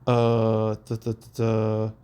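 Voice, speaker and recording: In a fairly low, monotone voice that's dark and smooth, a young man reads audience reviews very slowly for a casual commentary. He rambles, chuckles, hums now and then, and leans heavily on fillers.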